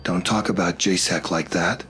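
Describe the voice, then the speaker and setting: A man's voice: sits low, fairly even intonation, moderate pace, sharp tone, a little hiss or hum. A man voicing a shaken young woman who speaks in a shaky, urgent voice. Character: young woman, shaken, desperate, sharp-tongued.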